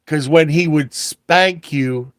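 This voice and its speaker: An older man spinning slow, meandering stories on a live stream. His voice sits a little high for a man, and he talks in an unhurried, folksy, wry way. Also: a bit bright, no room sound. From Washington area, USA. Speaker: livestream host. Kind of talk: casual storytelling livestream.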